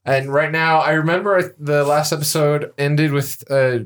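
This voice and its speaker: A man's voice: fairly high pitch, steady tone, a little slow. A man narrating as game master of a tabletop game podcast, telling the story loosely with laughs and fillers, recorded in a studio.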